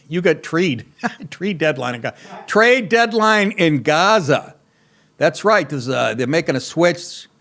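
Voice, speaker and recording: A man in his sixties hosting a comedy talk show, crude and sarcastic, often laughing at his own jokes. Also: a little high. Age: 60s. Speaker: comedian podcast host.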